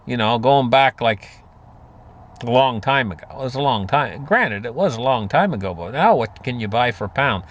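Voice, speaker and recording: Rambling man, lively pitch. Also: normal speed, dull audio. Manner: rambling, folksy, many fillers and restarts. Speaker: market commentator. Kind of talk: casual monologue on finance.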